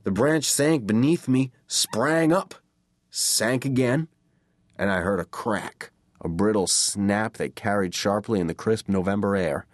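A man reading a first-person horror story as an audiobook narrator, measured and dramatic. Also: fairly low pitch, no echo, clean studio sound.

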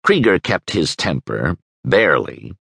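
A man narrating an audiobook with wry, expressive storytelling. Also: deep voice, measured pace, vocal fry, slightly rough, no echo. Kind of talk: scripted narration. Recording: dry studio sound.

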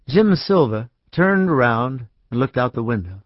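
Calm male storybook narrator. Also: medium pitch, moderate pace, hardly any pauses, dry recording. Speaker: audiobook narrator. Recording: dry, slightly dull audiobook recording.

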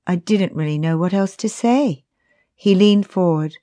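A woman's voice: lowish voice, unhurried, mellow, dry recording. Wry woman narrating an audiobook. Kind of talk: first-person audiobook narration.

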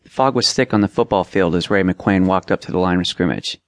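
A man narrating an audiobook, reading plainly and raising his voice for shouted lines. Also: sits low, fairly quick, no room sound. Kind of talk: scripted narration.

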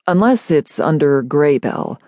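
A woman narrator voicing an intense, formal man with a deep, resonant voice who speaks stiffly. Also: big pitch swings, unhurried, warm tone, no echo, clean studio sound.

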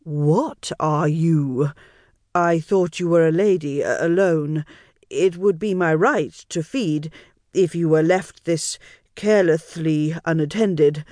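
A flustered young male vampire, voiced by a woman lisps through his words. He speaks slowly and a little lower than the narration, a storybook figure caught off guard. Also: a little mellow, no room sound, clean studio sound. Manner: flustered, apologetic, lisping.

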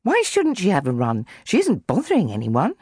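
A woman's voice: fairly low pitch, huge pitch swings, normal speed, a little mellow, slightly rough, no room sound, clean studio sound, voice pushed up, heavily acted. A woman voicing an offhand, cheerful older brother in a storybook. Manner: breezy, shrugging.

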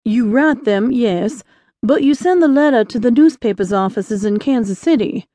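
A woman reading an audiobook, voicing a kindly, cautious older male shopkeeper in a gentle, fatherly way. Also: a little high, animated, moderate pace, no echo, lightly acted.

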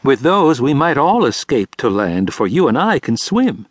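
A man's voice: medium pitch, sing-song, normal speed, no room sound, studio quality, pitched above the performer's own voice. A man voicing an earnest, slightly preachy eldest teenage son.

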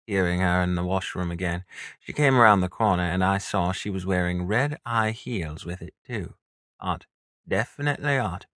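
A man narrates an audiobook in the first person, his lowish voice carrying a crisp, forward edge. The delivery is measured and intimate, close to the mic in a dead, dry studio. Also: fairly bright tone, no room sound.

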